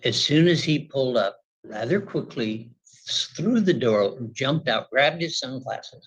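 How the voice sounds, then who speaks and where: Husky man giving a courtroom rebuttal. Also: mid-range voice, animated, poor audio. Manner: brisk, uses rhetorical questions. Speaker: opposing party in a courtroom dispute.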